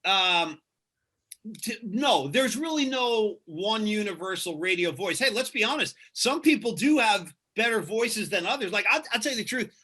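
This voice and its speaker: Earnest high-voiced radio man. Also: animated, moderate pace, bright, forceful tone, husky. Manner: earnest, repeats himself for emphasis. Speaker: radio host, interview guest. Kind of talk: casual interview answers.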